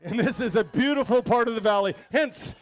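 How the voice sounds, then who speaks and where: A man's voice: very high voice, animated, a little fast. A man co-calling a street bike race outdoors, with flowery, dramatic wording. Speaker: race announcer. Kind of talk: live race commentary.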